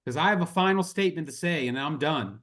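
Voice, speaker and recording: Fast-talking and fairly bright in tone, this man has a fairly high pitch. He leads a network marketing team and delivers an earnest, impassioned motivational talk over a group video call, repeating "y'all" often.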